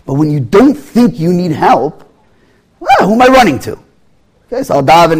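A man's voice: high voice, big pitch swings, moderate pace, pauses often, husky. A man giving a sermon as a rabbi, acting out little scenes in quoted voices as he teaches.

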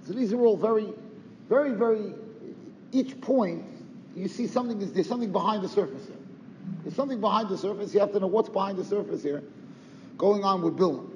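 Man, Torah lecture, rhetorical questions, rather high voice, dull lo-fi recording. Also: fairly quick, long pauses. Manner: lively rhetorical questioning with Yiddish and Hebrew terms. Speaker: Torah teacher. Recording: roomy reverb, dull lo-fi sound, faint noise.

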